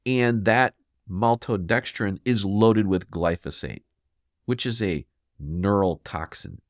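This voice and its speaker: A man's voice: on the low side, slow, no echo, clean studio sound. A man hosting a solo health podcast, talking emphatically and scolding the listener, now and then mimicking what people think. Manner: mimics listeners in quoted asides. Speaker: podcast host.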